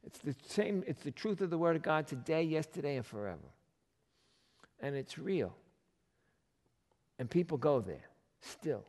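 A man pastor delivers a sermon with a lively, swooping voice that sits a little high for a man. He talks conversationally and keeps throwing rhetorical questions at the room. His voice rings out with a long reverb, as in a big church sanctuary. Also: measured pace, long pauses.

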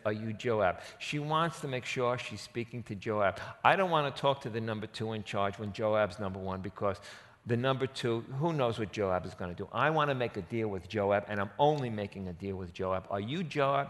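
A man with a New York accent walks through a scripture passage and brings it to life by acting out the lines in casual slang. His pitch sits in the middle for a man. His voice rings out with a long hall reverb behind it. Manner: lively, acts out quotes in casual slang. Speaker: Bible teacher. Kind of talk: expository Bible teaching.

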